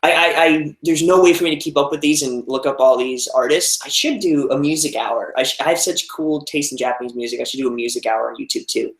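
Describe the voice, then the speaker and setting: With a medium-pitched voice, this young man from the United States talks a little fast and barely pauses. He rambles through viewer comments on a casual live stream, answering them amid plenty of fillers and restarts, in a room with noticeable echo.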